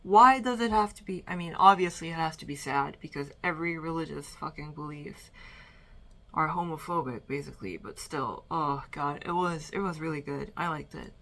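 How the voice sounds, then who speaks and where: A woman's voice: low-pitched, normal speed, fairly bright tone. A young woman ranking movies she has watched in a casual, rambling chat from her bedroom, a little out of breath. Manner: chatty, rambling, fillers and trailing restarts. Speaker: vlogger.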